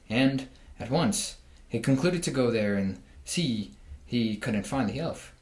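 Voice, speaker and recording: A man reading a children's storybook aloud, giving the animals lively voices. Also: medium pitch, moderate pace, few pauses, reverberant.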